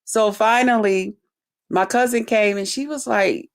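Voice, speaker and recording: A woman vlogger telling a personal story straight to her viewers in a blunt, profane, animated way. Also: medium pitch, measured pace. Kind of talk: casual storytime monologue to viewers.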